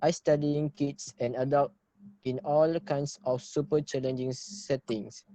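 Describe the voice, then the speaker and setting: A young student presents his section of a class project. His voice is deep and very mellow, and he reads hesitantly with many fillers and restarts. The sound is dry and close, with no room echo. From Malaysia. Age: young adult.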